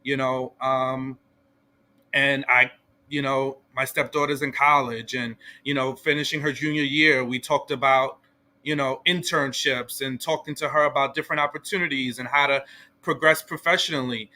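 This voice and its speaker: Bright-voiced man reasoning things through. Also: mid-range voice, fairly even intonation. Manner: measured, reasoned, uses 'right?' often. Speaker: guest panelist. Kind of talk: casual podcast discussion.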